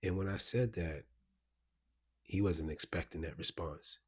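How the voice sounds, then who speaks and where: Deep husky man. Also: measured pace, fairly bright tone. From Baltimore, USA. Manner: rambling, restarts, frequent "you know what I mean". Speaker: vlogger. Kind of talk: casual storytelling to camera.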